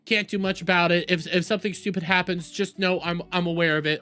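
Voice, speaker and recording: A man hosting a stream, mocking a clip in sarcastic reaction commentary that swings from loud outbursts to low mutters. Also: steady tone, fast, hardly any pauses, faint music behind.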